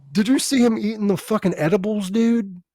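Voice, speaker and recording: A man's voice: sits high, darkish tone, dry recording. A man who hosts a podcast and does comedy, chatting casually, swearing freely and laughing often. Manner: profane, laughs often, tells stories animatedly. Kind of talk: casual chat.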